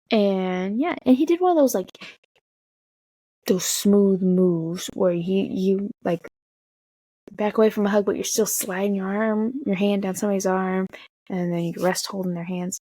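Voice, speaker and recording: A young woman casually telling an excited, swear-filled story, jumping high in pitch when she quotes herself. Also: dry recording. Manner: excited, swearing, talks fast with big pitch jumps when quoting. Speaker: vlogger.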